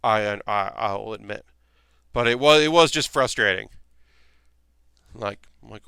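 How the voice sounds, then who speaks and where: A man chats casually on his livestream, rambling from one thought to the next and acting out other people's lines. His voice is bright and forceful, very clean and smooth. The sound is dry and close. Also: fairly low pitch, unhurried, pauses often, dry recording. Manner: rambling, acts out quoted people in raised voices. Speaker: streamer host.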